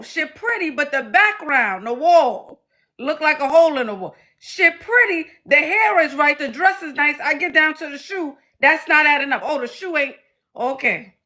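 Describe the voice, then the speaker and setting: Woman, livestream advice host, sassy, emphatic, bright forceful voice. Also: sits high. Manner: sassy, emphatic, calls listeners honey and babe. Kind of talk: casual advice commentary.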